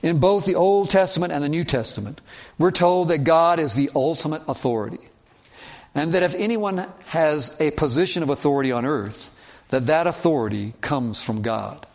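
A man's voice: fairly high pitch, lively intonation, normal speed. A man preaching a sermon as a pastor, teaching through Bible passages and reading verses aloud. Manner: expository Bible teaching, reads scripture aloud. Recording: dull lo-fi sound.

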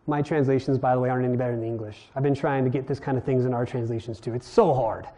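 A man's voice: medium pitch, fairly even intonation, fast, warm tone. A man from Hawaii teaching a sermon in a conversational way, asking his listeners questions as he explains. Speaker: preacher.

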